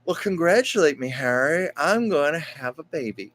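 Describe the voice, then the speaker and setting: A man's voice: expressive, moderate pace, a bit bright, a little hiss or hum. A man doing a perky young actress. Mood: triumphant. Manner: light, high, playful. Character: breezy young actress, a woman.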